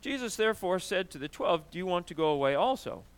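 Male pastor delivering a sermon; higher pitched and resonant, emphatic and conversational. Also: fast talker. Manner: animated, emphatic preaching with frequent "right?" and throat clearing.

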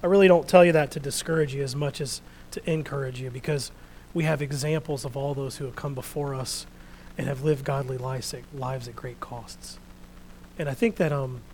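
A man preaching a sermon, reading scripture out loud and then talking quietly and earnestly to his congregation. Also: medium pitch, fairly even intonation, normal speed, a little hiss or hum, low-quality recording. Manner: reads scripture loudly, then speaks quietly and reflectively.

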